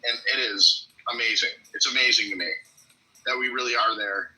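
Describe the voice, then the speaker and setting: An animated man holding forth on a podcast, jumping between stories and jabs. His voice sits mid-range for a man and comes across very bright and forward. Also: mid-range voice, brisk, rough recording. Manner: animated storyteller, provocative. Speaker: podcast co-host. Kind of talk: casual chat.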